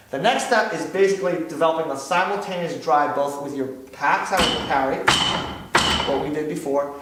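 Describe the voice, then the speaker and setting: A man instructing a martial arts drill, patient and explaining step by step, checking in with frequent questions. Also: a little high. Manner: patient, repeats "okay?" often. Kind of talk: demonstration lesson. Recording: echoey room, distant from mic, noisy.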